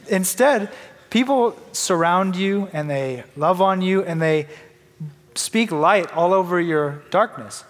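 A young man with a high voice gives a candid personal testimony to a church. He talks conversationally and restarts his sentences often, and his voice rings with the long reverb of a big hall. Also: measured pace. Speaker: church member giving testimony.

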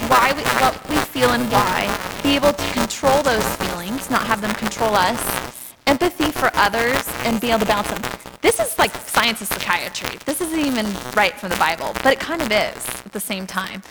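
A woman giving a sermon-style talk, telling animated stories, laughing often and acting out voices. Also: fairly high pitch, normal speed, in a large hall, loud music behind the voice, low-quality recording. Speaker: speaker.

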